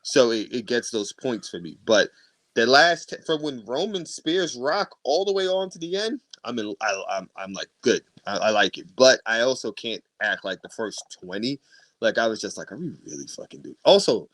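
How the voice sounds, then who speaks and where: A man co-hosting a wrestling podcast in casual chat, animated and quick to swear and laugh. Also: medium pitch, no echo. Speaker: podcast co-host.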